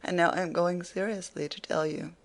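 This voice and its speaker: Reader doing a spirited young woman teasing her dad, gravelly tone, audiobook. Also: mid-range voice, steady tone, fairly quick, lightly acted. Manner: playful, emphatic scolding.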